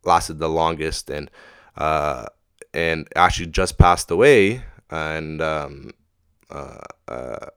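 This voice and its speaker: Young guy rambling on his podcast, super low smooth voice, cursing a lot, dry sound. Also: takes it slowly, a bit bright, dry recording. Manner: rambling, profane, laid-back. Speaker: podcast host. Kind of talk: casual podcast monologue.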